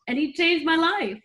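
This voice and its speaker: A middle-aged woman who works as a performer appears as a guest in a candid, conversational interview, sharing emotional personal stories. Her voice is high-pitched with a fairly bright tone, though the audio quality is poor.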